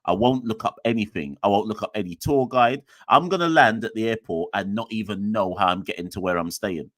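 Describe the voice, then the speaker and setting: A man's voice: lowish voice, a little fast, a bit bright, no room sound. A young man, hosting a podcast and chatting in a rambling, jokey, self-mocking way. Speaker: podcast host. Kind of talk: casual solo sign-off chat.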